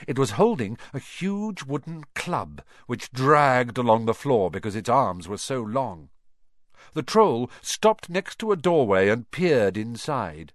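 A man reading a children's story aloud in an animated, expressive manner. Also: mid-range voice, unhurried, no room sound, studio quality. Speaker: audiobook narrator. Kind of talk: scripted storybook narration.

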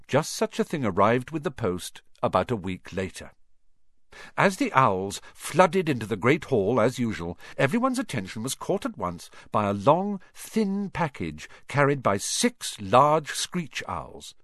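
A man narrating a children's fantasy novel in an expressive storytelling manner. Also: mid-range voice, no echo, clean studio sound. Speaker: audiobook narrator.

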